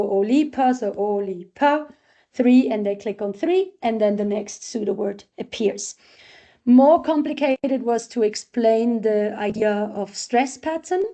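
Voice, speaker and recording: A woman's voice: fairly high pitch, warm tone. A woman researcher giving a talk, walking step by step through examples of her assessment tool. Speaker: researcher presenting a literacy tool.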